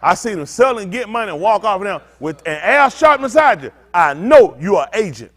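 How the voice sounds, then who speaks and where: A male pastor preaching to a congregation in a high voice that leaps up and down in pitch. He is blunt and street-talking. He swings from loud, emphatic bursts to low, muttered asides. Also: sing-song, brisk. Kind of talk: sermon teaching with call-and-response.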